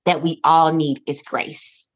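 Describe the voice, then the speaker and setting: A woman guest on a podcast, telling her parenting story in an expressive, animated way, with frequent restarts. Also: sits low, slow. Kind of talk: casual conversational interview.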